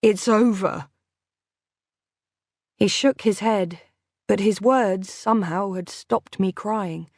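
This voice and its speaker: Woman reading a thriller audiobook, slow and steady, dry close mic. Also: mid-range voice, no room sound. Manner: measured, unhurried reading. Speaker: audiobook narrator. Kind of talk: first-person audiobook narration.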